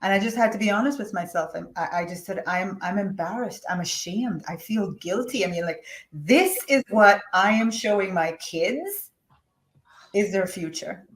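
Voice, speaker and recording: A woman guest, a business coach, telling her personal story in an interview in a candid, emphatic way, with dramatic swings. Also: lowish voice. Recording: echoey room.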